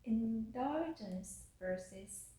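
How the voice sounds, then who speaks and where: A woman professor giving a university lecture, pausing and restarting her phrases as she explains. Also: fairly high pitch, animated, dark tone. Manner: slow, halting, restarts phrases. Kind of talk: recorded lecture. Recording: echoey room.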